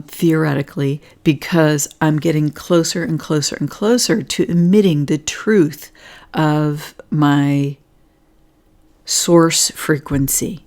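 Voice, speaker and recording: Hoarse low-voiced woman chatting. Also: darkish tone. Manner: chatty, laughs often, clears throat. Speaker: host presenting Schumann resonance readings. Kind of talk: casual livestream talk.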